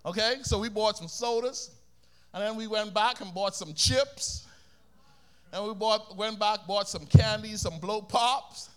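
Male preacher, Bahamian accent, very high-pitched, energetic, leads congregation responses. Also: unhurried, clean tone. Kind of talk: sermon.

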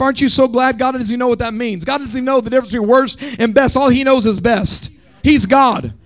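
A male pastor, preaching a sermon that swings from shouted, sung lines to quiet talk. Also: extremely high pitch, a little fast, hardly any pauses, faint music behind. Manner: preaching, shouting and half-singing in rises, then dropping soft.

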